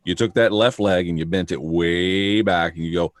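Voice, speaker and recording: A man's voice: low voice, fairly even intonation, moderate pace, no echo. A man co-hosting a casual live chat, teasing his friend while patiently explaining things to the audience.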